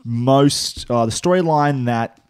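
An Australian man co-hosting a podcast, reviewing a TV show in quick, emphatic casual chat. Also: mid-range voice, clear, resonant tone, no echo, clean studio sound. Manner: quick, emphatic, argues points. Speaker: podcast co-host.

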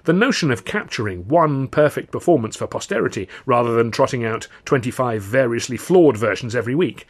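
A man's voice: mid-range voice, animated, brisk, hardly any pauses. A man playing a breezy, self-assured young comedian who talks in an airy, flamboyant, declamatory way. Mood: theatrical.

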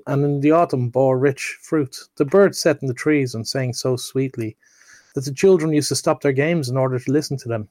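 A man's voice: medium pitch, no echo. Man reading a children's tale aloud. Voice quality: relaxed, with occasional slips and self-corrections. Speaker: storyteller.

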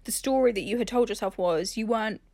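A woman's voice: medium pitch, fast, gravelly, a little mellow, no echo. A woman co-hosting a casual podcast chat, candid and swearing freely as she talks through her feelings. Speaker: podcast co-host.

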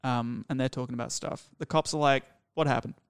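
A young man recounts a personal story in a rambling, candid way, swearing freely. His voice is smooth and resonant, and the sound is close and dry with no room echo. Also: medium pitch, steady tone, fairly quick. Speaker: podcast guest storyteller.

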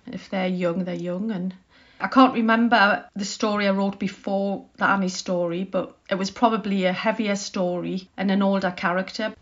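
A woman's voice: mid-range voice, steady tone, normal speed. A chatty woman author being interviewed, who talks about her work in a loose, self-deprecating way. Her voice sits in a middle register. The recording sounds dull and lo-fi. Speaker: short story writer as podcast guest. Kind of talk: conversational interview.

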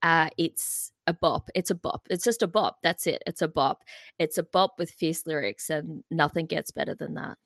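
A woman's voice: low voice, moderate pace, creaky, dry recording. A woman co-hosting a music podcast, chatting in a bubbly, filler-heavy way. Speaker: podcast co-host. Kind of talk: casual music podcast chat.

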